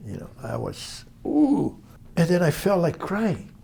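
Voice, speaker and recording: An older man from Brazil with a Brazilian accent, telling stories in an interview in an animated, halting way. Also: fairly high pitch, gravelly, slightly rough. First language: Portuguese. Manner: animated, halting, acts out voices in quotes. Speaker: interview guest, musician. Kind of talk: storytelling interview.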